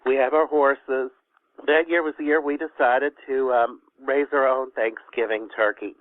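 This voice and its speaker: A man's voice: mid-range voice, steady tone, unhurried, no room sound. Folksy Kentucky man on a phone line. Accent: Kentucky Southern. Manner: folksy, rambling, with restarts. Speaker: caller. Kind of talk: folksy storytelling on a call-in show. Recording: dry, tinny phone line.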